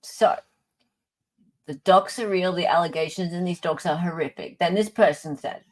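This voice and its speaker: A woman's voice: lowish voice, moderate pace. A woman with an Australian accent hosting a live stream, chatting casually and laughing often. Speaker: podcast host.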